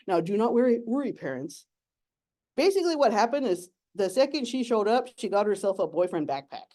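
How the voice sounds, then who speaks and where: A woman's voice: medium pitch, big pitch swings, moderate pace, warm tone. A young adult woman giving a playful, giggly nature talk as an educator.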